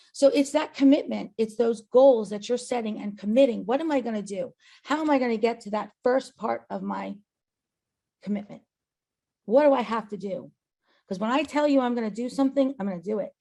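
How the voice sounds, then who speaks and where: A woman's voice: fairly high pitch, brisk, gravelly, warm tone. A woman and agency owner giving an earnest, emphatic motivational talk on a company call, often checking in with "right?". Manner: emphatic, earnest, tag questions.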